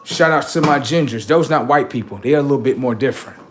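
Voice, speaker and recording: A male livestream host rants bluntly and profanely, speaking directly to his audience. His mid-range voice moves fast against a noisy background.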